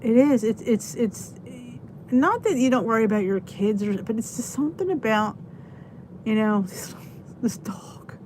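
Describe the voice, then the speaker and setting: A woman's voice: a little high, expressive, normal speed, darkish tone, a little hiss or hum. A woman hosting a casual live-stream chat, rambling from one thought to the next and often stopping to say good night to her viewers.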